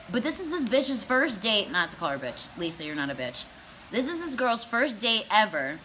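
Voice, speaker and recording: A woman's voice: mid-range voice, bright, forceful tone, slight background noise. A young woman telling a comedic storytime vlog, brash and profane, laughing as she goes. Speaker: comedy vlogger.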